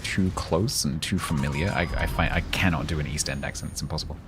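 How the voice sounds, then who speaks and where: London-accented male streamer, extremely low voice, rambling chat with sarcastic outbursts at the game. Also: fast, music in the background. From London, England. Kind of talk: casual live gaming stream chat.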